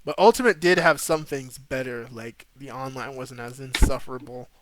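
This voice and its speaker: A man's voice: mid-range voice, normal speed, fairly bright tone, no room sound. A young man hosting a casual live stream, chatting loosely and rambling while he plays a game. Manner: laid-back, rambling, slangy. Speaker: streamer host.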